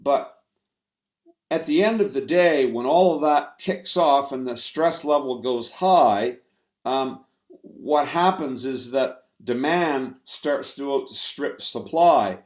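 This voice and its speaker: A man giving a talk on stress management to an audience, halting and full of fillers and restarts. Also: medium pitch. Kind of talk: presentation talk. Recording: roomy echo.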